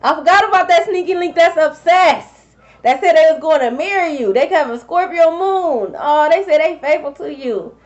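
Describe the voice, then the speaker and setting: High-voiced, blunt tarot reader, woman. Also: moderate pace. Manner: blunt, profane and animated, talking straight to viewers. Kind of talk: casual tarot reading for viewers. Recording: slightly dull lo-fi sound.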